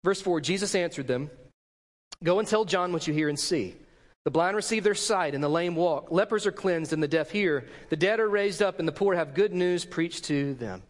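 A man's voice: on the high side, normal speed. Emphatic preaching man in reverberant hall. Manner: emphatic preaching, acts out quoted lines. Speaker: pastor. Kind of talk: sermon.

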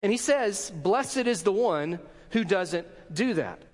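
A man with a high voice preaches a sermon, pressing each point with emphasis and slipping into the voices of the people he quotes. His words ring out with a long hall reverb around them. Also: animated, slow. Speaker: pastor.

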